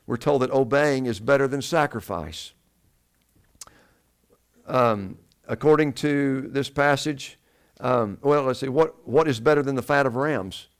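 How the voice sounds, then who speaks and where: A man's voice: mid-range voice, a little slow, clear, resonant tone. A man preaching a sermon to his congregation, asking them questions and answering them himself. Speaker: pastor.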